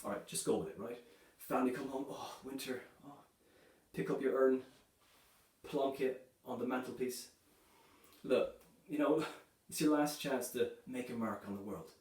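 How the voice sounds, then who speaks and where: A man performing a stand-up comedy set, delivering dark jokes in a loose, chatty way, filling his lines with "you know" and "right". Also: medium pitch, normal speed. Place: comedy club stage. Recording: echoey room, voice from a distance.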